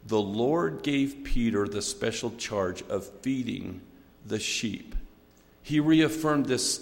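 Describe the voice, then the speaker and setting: A man's voice: on the low side, in a large hall. A man giving an earnest, folksy church talk from a pulpit, with ums and asides. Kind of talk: sermon-style church talk.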